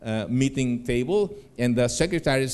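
Lively middle-aged man storyteller. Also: medium pitch, moderate pace, clear, resonant tone. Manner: animated, laughs while telling stories, acts out voices in quotes. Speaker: seminar speaker. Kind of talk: motivational storytelling talk.

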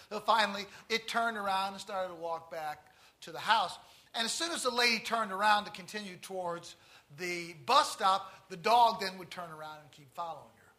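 A male preacher delivering a sermon full of stories, swinging from hushed tones to loud emphatic lines and drawing out key phrases. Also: sits high. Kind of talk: sermon with storytelling.

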